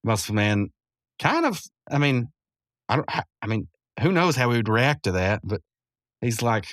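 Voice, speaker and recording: A man's voice: mid-range voice, sing-song, normal speed, pauses often, fairly bright tone. A man in the middle of his vocal range rambles through an episode recap, chuckling often and correcting himself. His delivery is loose and conversational. The sound is dry and close to the mic, with no room echo. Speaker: podcast host.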